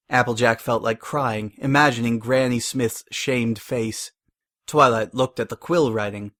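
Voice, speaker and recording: A man's voice: mid-range voice, fairly even intonation, unhurried, fairly bright tone. Man narrating a fanfic reading.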